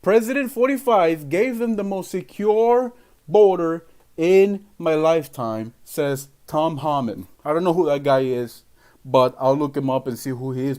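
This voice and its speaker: Male livestream host, slightly high pitch, emphatic rambling political rant. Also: a little mellow. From Venezuela. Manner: emphatic, rambling, heavy on fillers. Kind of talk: ranting livestream commentary.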